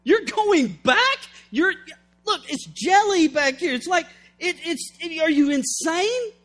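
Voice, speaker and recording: A man's voice: very high voice, lively intonation, slow pace, a bit bright, pitched above the performer's own voice, full character voice. A man voicing his own weary, complaining body, pleading in disbelief. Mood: incredulous.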